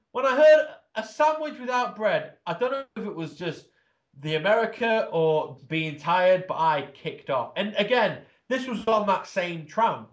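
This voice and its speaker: A man's voice: high-pitched, highs cut off. An English man talking as an interview guest, ranting with heavy swearing. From England. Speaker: podcast guest. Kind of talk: casual interview chat. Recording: roomy echo.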